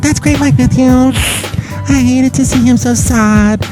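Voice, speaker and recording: A man's voice: very high voice, fairly even intonation, measured pace, pitched above the performer's own voice. A man voicing a chatty young woman who runs a gift shop, talking in a valley-girl drawl, with music under the voice. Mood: gushing.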